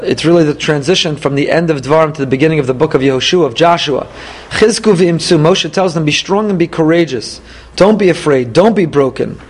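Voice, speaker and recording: A man, apparently middle-aged, leading a Torah class, lively and emphatic, reading Hebrew verses and paraphrasing them. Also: a little high. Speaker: rabbi teaching weekly Torah portion.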